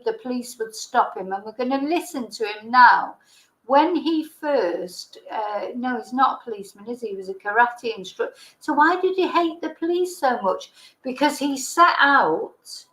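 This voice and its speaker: Female livestream host, casual true-crime narration, hesitant and chatty; slightly high pitch, roomy echo. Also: fairly bright tone. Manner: chatty, hesitant, with ums and restarts.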